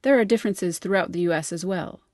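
Woman, American accent, linguist narration, lowish pitch, dry studio voice. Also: darkish tone, no room sound. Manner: measured, explanatory delivery. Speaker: linguist and editor. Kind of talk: scripted explainer narration.

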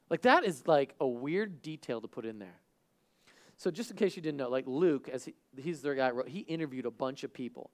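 A man preaching a sermon, who acts out the people in the story and swings from loud and excited to hushed and earnest. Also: on the high side, a little fast. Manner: talks to a live congregation, asks them questions. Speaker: pastor.

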